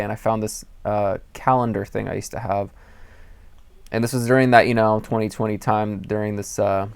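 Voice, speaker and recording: A man's voice: mid-range voice, darkish tone, dry recording, clean studio sound. A young man talking earnestly to camera, giving personal advice in a rambling way with acted-out quotes. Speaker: spiritual advice channel host. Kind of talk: candid personal talk to camera.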